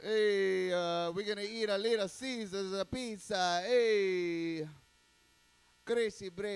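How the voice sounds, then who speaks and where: A man's voice: sits high, slow, clear, resonant tone. A man doing loose, crude stand-up, rambling and tacking "okay" onto his lines. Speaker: stand-up comedian.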